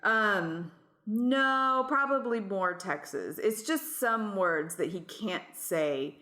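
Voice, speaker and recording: An American woman co-hosting a podcast in casual chat, chatty and quick to laugh. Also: mid-range voice, animated, bright, forceful tone, reverberant. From United States. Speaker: podcast co-host.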